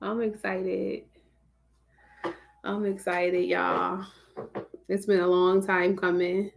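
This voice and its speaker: A woman's voice: mid-range voice, level tone, slow, creaky. A woman hosting a live stream, greeting her viewers by name in a casual, chatty way. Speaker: livestream host.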